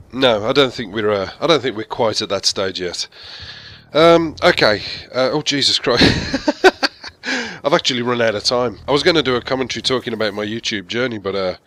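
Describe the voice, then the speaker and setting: A drunk English man talking over gameplay, wandering between jokes and stories. His voice is bright and forward, at an ordinary pitch for a man. The tone stays loose and rambling. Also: lively intonation, moderate pace. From England. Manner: rambling, jokey. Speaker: gaming commentator. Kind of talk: tipsy gameplay commentary.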